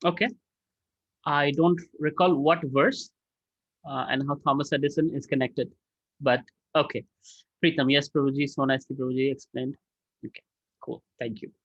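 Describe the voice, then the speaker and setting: A man's voice: medium pitch, moderate pace, pauses often, no room sound. A man teaching a spiritual class online, answering questions and acting out prayers in a raised voice. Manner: lively, acts out prayers in a raised voice. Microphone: video call. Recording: dull lo-fi call audio.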